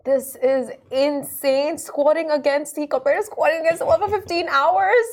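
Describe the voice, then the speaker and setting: High voice lady cohost, chatty, jumps in w quick reactions. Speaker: show co-host. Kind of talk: casual chat.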